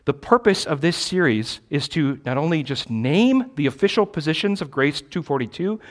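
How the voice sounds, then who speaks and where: Man, pastor, teaching sermon, high voice, very lively intonation, emphatic, repeats phrases for stress. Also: moderate pace.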